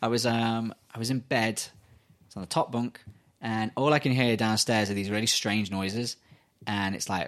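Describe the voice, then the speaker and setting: A British man co-hosting a podcast in casual chat, swearing freely and telling animated stories with acted-out voices. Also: on the low side, normal speed. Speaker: podcast co-host.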